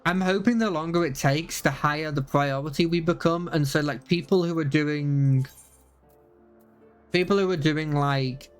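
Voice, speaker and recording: A man's voice: a little high, moderate pace, smooth, faint music behind. A young man chatting casually on a live stream, rambling with many fillers and restarts.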